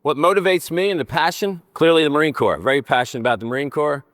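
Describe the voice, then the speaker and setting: An older man from New Jersey giving a conference presentation, animated and joking as he talks with his hands. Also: fairly high pitch, fast, dry recording, studio quality. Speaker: conference speaker. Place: conference session room.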